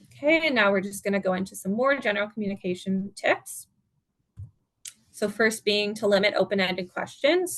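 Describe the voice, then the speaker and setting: A woman presenting at an online seminar as a dementia care educator, giving calm, step-by-step guidance. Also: medium pitch, dry recording. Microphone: video call.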